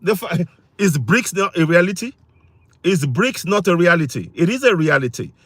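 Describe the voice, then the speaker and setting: Livestream host, man, high voice, dry close sound, insistent and repetitive. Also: very animated, normal speed, fairly bright tone, no room sound. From Africa. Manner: insistent, repetitive, reads and answers chat comments. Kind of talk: impassioned political livestream talk.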